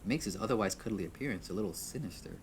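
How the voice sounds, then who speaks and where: Low-voiced man reading a visual novel aloud. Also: animated, rapid-fire, a little hiss or hum. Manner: stumbles, restarts, chuckles at himself. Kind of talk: reading game text aloud with asides.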